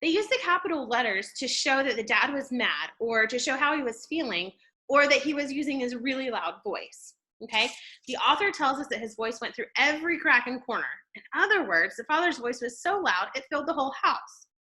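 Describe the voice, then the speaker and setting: A woman teaching a classroom reading lesson. She explains step by step, checks in often with the class, and uses an expressive tone to show how to read. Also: sits high, a little fast. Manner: explanatory, checks in with "okay?" and "right?"; expressive, shifts tone to model reading.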